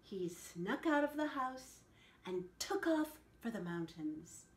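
Animated woman reading a picture book aloud. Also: mid-range voice, slow. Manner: animated, asks the listeners questions. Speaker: storyteller for children. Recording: echoey room.

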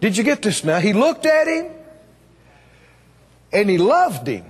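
Male revival preacher, high and lively voice, long hall reverb. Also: a little slow, slightly rough. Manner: emphatic, call-and-response with the congregation. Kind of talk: revival sermon. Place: church or meeting hall.

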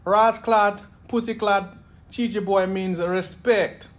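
A man's voice: high voice, steady tone, slow pace, voice pushed up. A man doing a brash guy. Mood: mocking. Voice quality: mocking exaggerated patois. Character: brash Jamaican man throwing rude slang.

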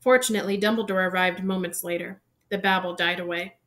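A woman reading a novel aloud in steady storytelling narration. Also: on the low side, fast. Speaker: reader.

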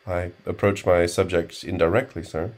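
A man voicing an indignant, pompous male graduate student who speaks in a stiffly formal way and takes offense quickly. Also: low-pitched, steady tone, darkish tone. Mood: stiffly polite.

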